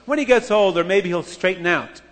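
A man's voice: high voice, brisk, fairly bright tone, long reverb tail, a little hiss or hum. A man voicing a stern Roman emperor who blusters emphatically. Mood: dismissive.

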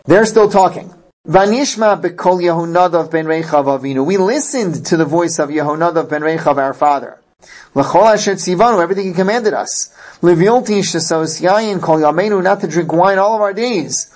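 A man's voice: high voice, moderate pace, darkish tone. A man teaching a verse-by-verse scripture class, reading Hebrew phrases aloud and translating them with emphatic explanations. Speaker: Bible teacher.

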